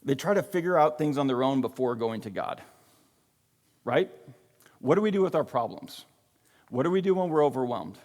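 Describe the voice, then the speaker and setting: A man's voice: mid-range voice, animated, normal speed, long pauses, darkish tone. A man preaching a sermon in a casual, conversational way, often checking in with "right?" and "like". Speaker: pastor. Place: church sanctuary. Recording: long reverb of a church hall.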